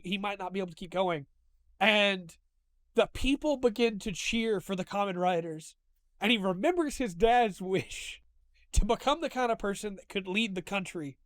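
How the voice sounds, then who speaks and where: A man with a high, smooth voice talks through a show he loves, gushing and getting openly emotional as he retells it. The sound is dry and close, with no room around it. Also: a bit bright, no echo. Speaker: host. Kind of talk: casual review monologue.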